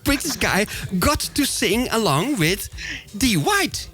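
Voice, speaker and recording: A man hosting a casual radio interview, animated and laughing often, with halting restarts. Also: high voice. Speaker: radio show host.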